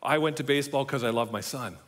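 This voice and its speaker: A middle-aged man preaching a sermon as pastor, telling a story and often dropping to a soft, hushed voice for emphasis. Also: medium pitch, fast. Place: church.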